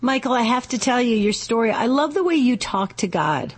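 A woman co-hosting a call-in talk show, speaking warmly and appreciatively to the caller. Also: fairly high pitch, animated, a little fast, slightly rough. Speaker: co-host. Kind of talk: casual chat.

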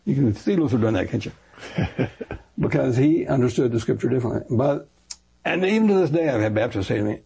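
In an interview, a retired pastor, older now, recounts his life at a fast pace in a mid-range voice with vocal fry and some breathiness. Animated and prone to rambling, he keeps correcting himself and performs the voices of those he quotes.

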